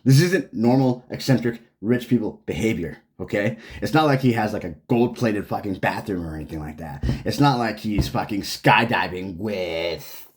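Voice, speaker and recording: A man's voice: fairly low pitch, normal speed, few pauses. A man delivering an angry, profane, sarcastic rant straight to the camera. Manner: swearing, heated, sarcastic. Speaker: vlogger.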